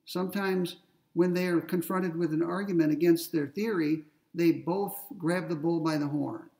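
High, gravelly man lecturing from afar. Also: fairly even intonation, moderate pace, darkish tone, far from the mic. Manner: explains step by step with everyday examples, checks in with "okay?" and "right?". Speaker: philosophy lecturer. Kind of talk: recorded ethics lecture.

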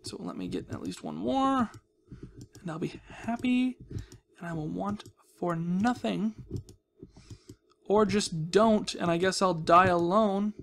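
Here a man with a high voice and vocal fry hosts a playful Minecraft let's-play. He coos baby-talk at the villagers he plays with and drops jokey asides, and the recording carries faint background noise.

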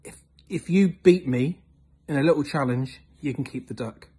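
A man voicing a grumpy middle-aged farmer who talks bluntly and gruffly, with a husky voice. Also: on the high side, moderate pace, mellow. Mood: scheming.

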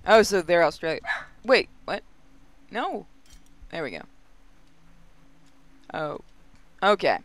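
Bright-voiced man narrating a game. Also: high voice, big pitch swings, slow, long pauses, a little hiss or hum. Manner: chatty, reacts aloud to the game. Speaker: gaming video host. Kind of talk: casual let's-play commentary.

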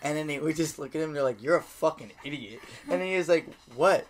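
A young man co-hosting a podcast, joking brashly, swearing and telling animated stories in casual chat. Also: a little high, quick pace. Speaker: podcast co-host.

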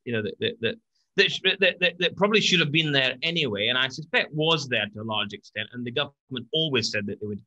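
A man co-hosting a casual podcast chat, speaking haltingly with many repeated words and fillers. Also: mid-range voice, lively intonation, bright, forceful tone, low-quality recording. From British. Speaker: co-host.

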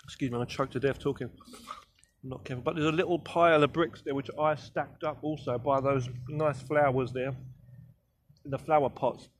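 A man's voice: medium pitch, steady tone, fairly quick, a little hiss or hum. A young man vlogging outdoors in a city garden in the evening, rambling in slang, swearing and joking as he films himself on a handheld camera. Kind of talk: casual walk-and-talk vlog.

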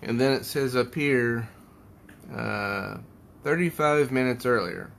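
At home, a man reviews a comic book casually, rambling and thinking aloud as he pages through an issue. His voice is medium-pitched, slow, creaky, and fairly bright, with a little hiss or hum in the recording.

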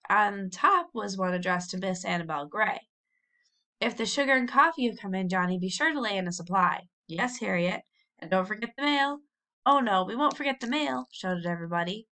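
A woman reading a children's novel aloud as a storybook narration, lively, with brief cheerful voices for the characters. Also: medium pitch. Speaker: audiobook reader.

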